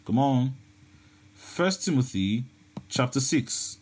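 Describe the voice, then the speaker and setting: A man's voice: mid-range voice, lively intonation, slow pace, darkish tone, slight background noise. A man preaching a sermon, often repeating words and restarting his sentences.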